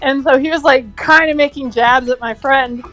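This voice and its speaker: High-voiced woman telling a story, exasperated. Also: moderate pace, soft background music, rough recording. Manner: exasperated, profane, animated storytelling. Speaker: co-host. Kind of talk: casual storytelling chat.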